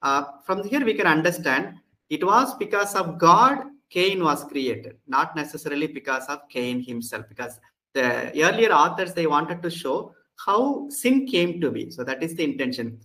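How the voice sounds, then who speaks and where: A man's voice: fairly high pitch, lively intonation, moderate pace, sharp tone, poor audio. A man with an Indian English accent teaching a lecture, reading each Hebrew word and then explaining it, with frequent restarts. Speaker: Hebrew instructor. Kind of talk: classroom lecture.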